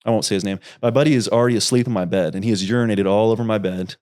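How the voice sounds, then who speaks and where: Young male guest, low voice, rambling animated storyteller, casual and profane. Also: very fast. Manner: rambling, animated, swears freely. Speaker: podcast guest, YouTuber.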